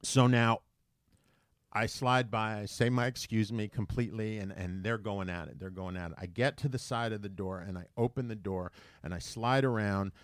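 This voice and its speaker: A man's voice: on the low side, moderate pace, dry recording. A man co-hosting a podcast, telling a story in casual chat and acting out the voices he quotes. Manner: animated, acts out quoted voices. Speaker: podcast co-host.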